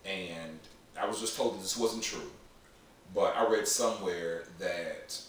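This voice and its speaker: Podcast co-host, man, very low voice, rambling and halting, recorded far off in a very echoey room. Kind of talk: casual chat. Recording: echoey room, mic far off, faint noise.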